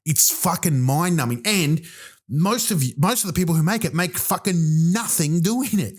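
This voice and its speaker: A man's voice: a little high, expressive, normal speed. A man, a comedian hosting a podcast, delivering a rambling comic monologue full of profane, exasperated rants.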